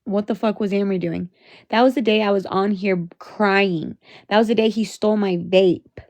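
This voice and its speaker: Brief: young woman livestreamer, angry profane venting, gravelly fry, dry close phone sound. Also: medium pitch, steady tone, normal speed, darkish tone, no echo. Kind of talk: livestream rant to chat.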